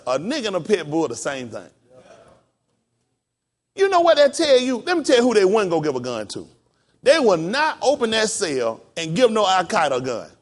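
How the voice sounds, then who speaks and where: A man preaching as a pastor, delivering a sermon with emphatic, punchy delivery and repeated questions thrown to the congregation. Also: high voice. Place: house of worship.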